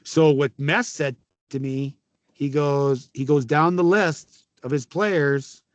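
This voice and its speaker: A raspy middle-aged man from Canada spins loud, laugh-filled stories as an interview guest. His voice sits high for a man and sounds dry and close. He swears freely. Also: slow pace, dry recording. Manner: laughing often, swearing, animated anecdotes. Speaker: guest, former hockey player. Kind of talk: casual storytelling interview.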